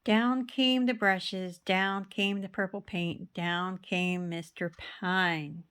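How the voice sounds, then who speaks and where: A woman's voice: mid-range voice, steady tone, slow, a bit bright, clean tone. A woman reading a children's picture book aloud, rhythmic and playful with sound words. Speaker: storybook reader.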